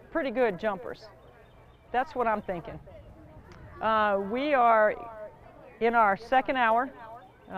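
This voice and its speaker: A woman's voice: a little high, phone-quality sound. Upbeat Southern woman hosting a stream. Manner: upbeat, chatty. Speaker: live stream host. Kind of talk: live charity stream hosting.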